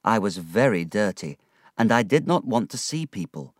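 A man reading a storybook aloud in a measured, plain narration. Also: lowish voice, sing-song, no room sound, clean studio sound.

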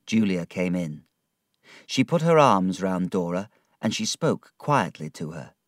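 A male storybook narrator reading slowly and carefully, with a very lively, rising and falling voice. He is recorded close and dry, with no room sound. His manner stays measured and expressive. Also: low voice, dry recording.

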